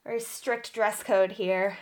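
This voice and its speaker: A woman's voice: medium pitch, fairly even intonation, a little slow, a little mellow. A woman taking part in a tabletop role-play game as a player, chatting and joking casually.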